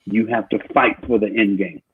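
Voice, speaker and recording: A man's voice: on the low side, fairly even intonation, normal speed, a little hiss or hum. A man, a guest speaker, telling stories in a preaching style, emphatic and repeating his phrases. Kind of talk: preaching storytelling. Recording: tinny phone-like call line.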